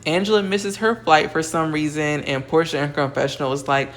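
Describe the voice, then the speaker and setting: A woman's voice: deep voice, steady tone, brisk, few pauses. Chatty woman gossiping through a TV recap. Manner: chatty and gossipy, with fillers and asides to viewers. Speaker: reality TV recap host. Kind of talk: casual recap vlog.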